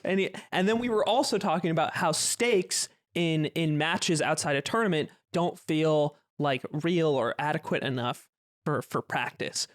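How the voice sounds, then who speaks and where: A man telling a long story in a casual podcast chat, animated and often laughing as he goes. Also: fairly high pitch. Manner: animated, laughing, restarts phrases.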